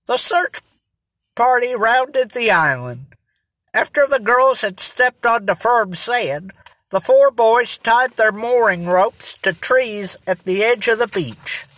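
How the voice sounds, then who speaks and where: Unhurried audiobook reader, bright and dry. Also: mid-range voice, animated, dry recording. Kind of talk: reading aloud a children's mystery.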